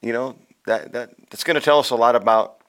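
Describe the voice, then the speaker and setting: A man's voice: mid-range voice, fairly quick, fairly bright tone. Male host, affirming, restarts his questions. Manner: affirming, repeats words when starting a question. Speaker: interview host. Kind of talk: interview questions.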